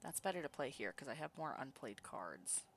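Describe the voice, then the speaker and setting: A woman streaming a game, excitable and swearing freely, muttering card counts and reading the story text aloud. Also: rumbling low, moderate pace, a little hiss or hum.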